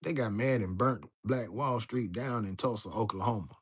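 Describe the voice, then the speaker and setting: Talking at a moderate pace in a lowish voice with a breathy edge, a livestream host keeps things loose and chatty. He addresses viewers directly, reads chat messages aloud and says hello to people in it.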